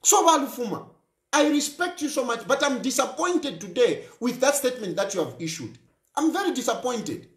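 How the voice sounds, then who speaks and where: A man's voice: very high-pitched, sing-song, moderate pace, echoey room. A Zambian man hosting a talk show, speaking in an impassioned political monologue and repeating phrases for emphasis.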